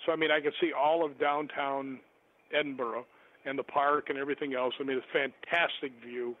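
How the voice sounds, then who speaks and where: A man's voice: medium pitch, fairly quick. Chatty man on a tinny phone line. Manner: chatty, rambling, laughs often, animated when astonished. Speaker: guest. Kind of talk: casual storytelling on a call-in radio show.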